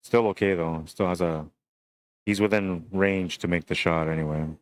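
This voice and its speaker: A young adult man giving relaxed, chatty live commentary on a pool match and greeting stream viewers. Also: sits low, normal speed, clean tone, dry recording.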